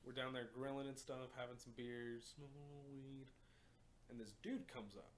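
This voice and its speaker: A man's voice: medium pitch, moderate pace. Profane man telling stories. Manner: profane, animated storytelling with laughs. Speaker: podcast co-host. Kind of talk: casual storytelling chat. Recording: faint background noise.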